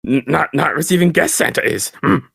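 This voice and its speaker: A man's voice: on the high side, fairly quick, vocal fry, a bit bright, husky, no echo, clean studio sound, voice pushed up, full character voice. A man voicing a tiny old green Christmas elf, who grumbles and talks in backward word order in a tabletop game. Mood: stubborn. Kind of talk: tabletop role-play character voice.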